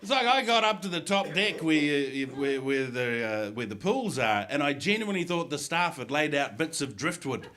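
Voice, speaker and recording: A middle-aged man doing a stand-up comedy set, telling animated stories and slipping into acted voices, on stage in a comedy club. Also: on the high side, normal speed, few pauses. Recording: live comedy club with audience laughter.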